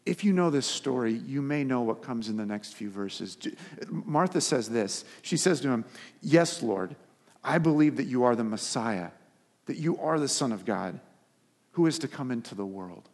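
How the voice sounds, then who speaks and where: A man preaching a sermon as pastor, earnest, stacking repeated phrases for emphasis and dropping soft for quoted words. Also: mid-range voice, slightly rough. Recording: long reverb of a hall.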